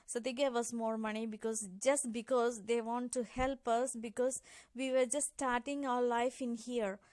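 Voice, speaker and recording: A young woman earnestly telling a personal story, halting and restarting as she goes. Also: on the high side, flat delivery, a little mellow, no echo. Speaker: migrant sharing a personal story. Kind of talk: personal anecdote.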